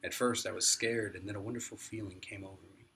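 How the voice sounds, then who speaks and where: Low-voiced man reading a novel aloud. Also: fast talker. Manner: plain storytelling. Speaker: narrator. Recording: distant mic, steady noise, birdsong.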